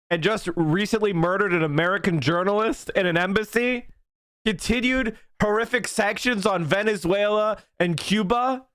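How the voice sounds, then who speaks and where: A male political commentator from Pennsylvania ranting on a live stream, heated and profane, often breaking into shouts. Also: high-pitched, dry recording, clean studio sound.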